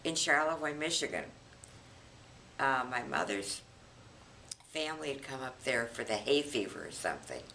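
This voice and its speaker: An elderly woman in her eighties, recounting family memories in an unhurried, reminiscing way as a grandmother being interviewed. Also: extremely low pitch, big pitch swings, gravelly, sharp tone, a little hiss or hum, poor audio. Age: 80s. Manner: reminiscing, unhurried, chuckles often.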